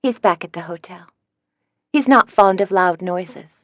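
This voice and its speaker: A woman's voice: on the low side, unhurried, no room sound, natural voice. A woman voicing a cold, threatening female villain in an audiobook, speaking curtly, in a dry, slightly dull recording. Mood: menacing. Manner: curt, menacing.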